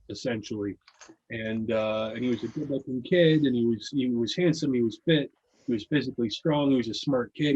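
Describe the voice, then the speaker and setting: A man's voice: medium pitch, a little mellow, slightly rough, highs cut off. A man telling a long story in casual talk, rambling with many restarts and fillers. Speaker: podcast guest reading his own article.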